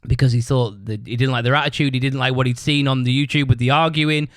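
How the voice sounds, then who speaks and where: A man's voice: medium pitch, fairly even intonation, fast talker, a bit bright, dry recording. A man hosting a podcast, telling a rambling story, swearing constantly and tagging his sentences with "right?". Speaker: podcast host. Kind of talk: casual storytelling monologue.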